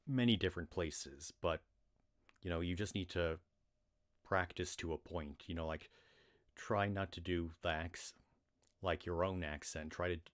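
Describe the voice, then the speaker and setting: Low-voiced American man rambling on a livestream. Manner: rambling, with many restarts and fillers. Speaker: livestream reader. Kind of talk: casual livestream chat.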